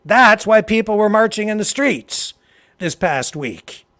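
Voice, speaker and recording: A Canadian man hosting a political talk show, delivering impassioned commentary that swings from low, quiet remarks to loud, emphatic outbursts. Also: lively intonation, a little slow. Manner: heated, addresses a co-host directly.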